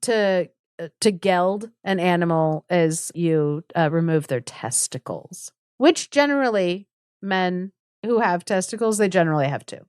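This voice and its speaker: A woman's voice: on the low side, animated, unhurried, a little mellow, smooth, no echo, clean studio sound. A woman co-hosting a podcast, casually retelling a fairy tale in a chatty, joking way full of fillers. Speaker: podcast co-host.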